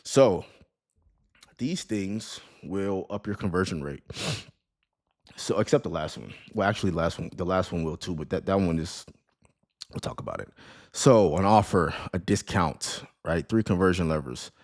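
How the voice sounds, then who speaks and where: A man with a deep, low-pitched voice walks through an online store on his screen. He teaches casually, like he is talking to a friend. He keeps checking in with the listener and often cuts off and restarts his words. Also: moderate pace. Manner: conversational, repeats "right?" and "you know what I mean?", restarts words. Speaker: online business course creator. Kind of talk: casual screen-share lesson.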